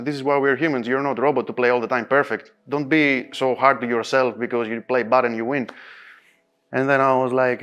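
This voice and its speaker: Guy telling an interview story in non-native english, lively, laughs a lot, medium pitch, faint music behind. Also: clear, resonant tone. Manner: animated, laughs often, acts out his own quotes. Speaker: pool player interviewee.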